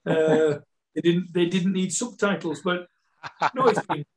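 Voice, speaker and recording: A football coach with a Yorkshire Scottish accent chats as a guest, telling stories casually and rambling with many repeats and restarts. His voice sits high and he speaks unhurriedly, and the recording is rough.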